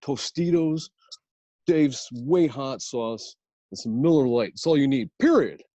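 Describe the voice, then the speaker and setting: A man's voice: mid-range voice, lively intonation, measured pace, warm tone, dry recording, highs cut off, voice pushed up. A man putting on a Michigan accent as a boastful local selling hot sauce, rambling with lots of "uh" and "listen". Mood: boastful salesy. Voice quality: folksy, rambling, full of "uh" and "listen".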